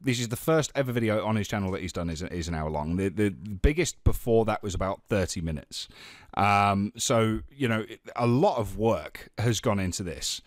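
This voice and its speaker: Low, dry-voiced man hosting a podcast. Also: normal speed, no echo. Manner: self-described monotone delivery. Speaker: podcast host. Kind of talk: casual podcast chat.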